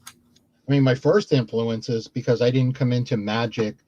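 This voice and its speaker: A man's voice: measured pace, no echo, muffled recording. A man in a casual video-call chat, telling a long story and acting out other people's words in a livelier voice. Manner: animated, acts out quoted people in higher voices. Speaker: guest magician.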